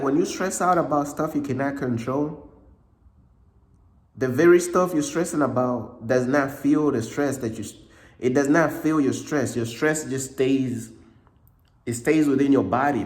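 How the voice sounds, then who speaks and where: A man giving a casual motivational talk, repeating himself often, with a slightly cracking voice and frequent throat clearing. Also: mid-range voice, measured pace, long pauses, reverberant. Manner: repetitive, conversational, frequent "bruh" and "you know what I'm saying". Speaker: motivational speaker.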